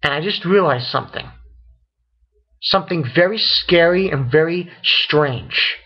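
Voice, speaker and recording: A man's voice: fairly high pitch, unhurried, dull audio. A man hosting his own channel, rambling through a casual review rant and stringing events together with "and then". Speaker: manga reviewer, channel host.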